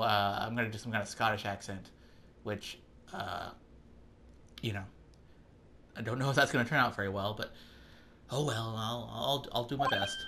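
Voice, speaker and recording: A man's voice: mid-range voice, bright, forceful tone, slight background noise. Rambling casual let's-play man. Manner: rambling, profane, self-deprecating. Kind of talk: casual gameplay commentary. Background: game music.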